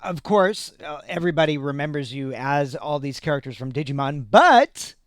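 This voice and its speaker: A man's voice: a little high, steady tone, a little fast, smooth, dry recording, studio quality. A man hosting a livestream interview, asking curious, friendly questions. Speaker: host.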